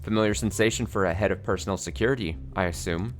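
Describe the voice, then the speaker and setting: A man's voice: fairly low pitch, quick pace, soft background music, close to an everyday voice. A man voicing a smug, sly male prosecutor in a game, questioning in a mocking, theatrical way. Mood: needling.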